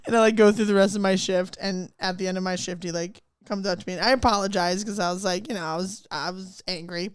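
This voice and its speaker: A woman's voice: mid-range voice, fairly even intonation, fairly quick, clean tone, no echo. A woman comedian, a guest on a casual podcast, talking in a blunt, profane and sarcastic way. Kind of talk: casual chat.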